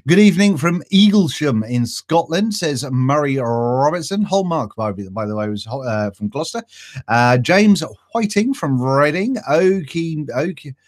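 A man's voice: fairly high pitch, lively intonation, unhurried. A man hosting a casual live stream, reading out viewer greetings in a chatty, self-mocking way and stumbling over names. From East Anglia. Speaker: vaping channel host.

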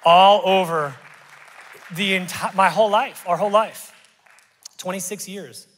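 Animated pastor preaching in reverberant church. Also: male voice, high voice, measured pace, some chatter behind. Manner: animated, conversational preaching with sudden loud bursts. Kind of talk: sermon. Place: church sanctuary. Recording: long church-hall reverb.

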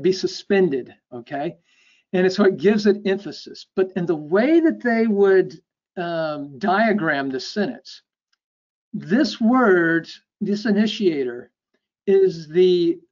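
A man giving an academic lecture. He explains step by step, checks in with a frequent "okay?", and lets his phrase ends drop off softly. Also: high-pitched. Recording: dull lo-fi lecture recording.

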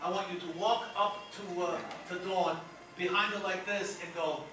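Male comic as a grandiose mock-mystical psychic, high-pitched, echoey, from afar. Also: fairly even intonation, moderate pace, pushed and bright, faint music behind. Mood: pompous. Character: pompous self-assured male psychic doctor. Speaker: comedian playing a fake psychic. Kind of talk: live stage comedy bit with volunteer. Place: stage before a live audience. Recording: echoey noisy room, mic far off.

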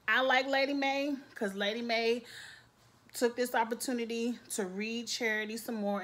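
A woman's voice: a little high, fairly bright tone. Young woman, casual show recap, sassy, laughs a lot. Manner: sassy,喜 laughing asides, quoting characters. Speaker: TV show reviewer.

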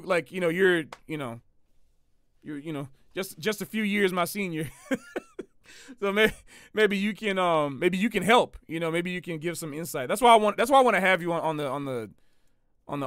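A man, a jazz musician hosting a livestream, talking in a casual, slangy and animated way and repeating phrases for emphasis. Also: high voice, fairly quick, no echo.

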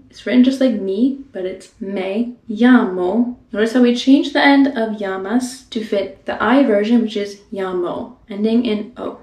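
A woman teaches beginners in a relaxed, friendly way, saying phrases slowly and repeating them. She laughs lightly now and then. Her voice sits at a middle pitch, and the room around her has a noticeable echo. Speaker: language teacher. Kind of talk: casual beginner lesson. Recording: roomy echo.

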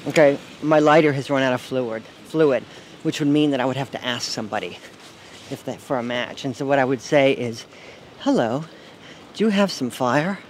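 A man's voice: medium pitch, steady tone, fairly quick. American guy in his 40s, dry self-mocking storyteller, out on a street, faint traffic. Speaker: writer, guest. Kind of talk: casual storytelling. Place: city street outdoors.

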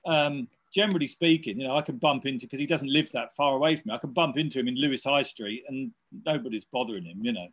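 Man, fifties, casual rambling chat, plenty of "you know", middle-pitched voice. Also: fast, few pauses, fairly bright tone. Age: 50s. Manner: rambling, many fillers and restarts, laughs while telling stories. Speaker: interviewee, electronic musician.

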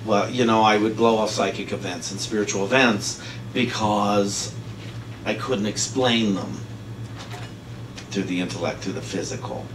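A minister speaks unhurriedly in a lowish voice, telling a story with plenty of laughter in a relaxed, chatty sermon. The sound is distant and noisy, echoing through the church sanctuary.

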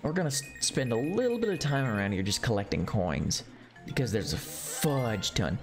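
A male streamer talks casually through a classic game, cheering small wins and muttering to himself. His pitch is lively and animated, with game music faintly audible underneath. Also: moderate pace. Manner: excitable, chatty, easily delighted. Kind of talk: casual gameplay commentary.

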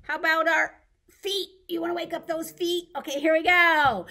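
A woman librarian leading a baby story time, reading a picture book aloud, singing simple songs and making animal sounds in a sing-song, animated way. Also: very high-pitched, moderate pace. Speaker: children's librarian.

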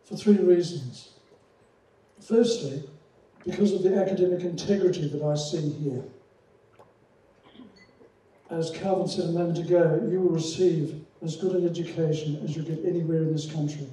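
A middle-aged Australian man speaks in a fairly high but deeply mellow voice, earnest and measured, leaning on his words with pauses. He is heard from across a very echoey hall, with a faint hiss of noise underneath. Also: steady tone, distant mic. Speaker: theology lecturer. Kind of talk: open-day talk to prospective students.

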